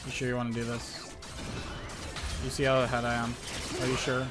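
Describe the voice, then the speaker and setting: A young man giving casual, excitable live gameplay commentary, teasing opponents as he plays. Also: medium pitch, fairly quick. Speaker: gaming content creator. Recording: voice over gameplay with background music. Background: background music.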